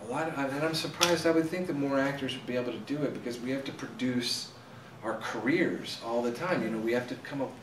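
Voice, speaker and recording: He's an actor-director on the guest side of a casual interview, eager, talkative, and quick to mention his own work. His medium-pitched delivery runs a little fast with few pauses, and an echoey room, distant mic, and soft background noise color the sound.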